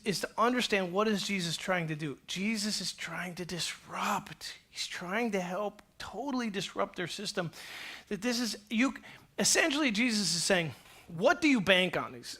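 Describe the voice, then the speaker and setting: A man's voice: high voice, gravelly, a bit bright. A man preaching as a pastor, telling the story in a playful, conversational way and acting out the characters. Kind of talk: sermon with acted-out storytelling.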